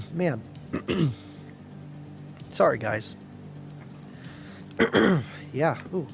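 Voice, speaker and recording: A man hosting a casual live stream, chatting in a rambling, friendly way, reading viewer comments aloud and often clearing his throat. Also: on the high side, poor audio.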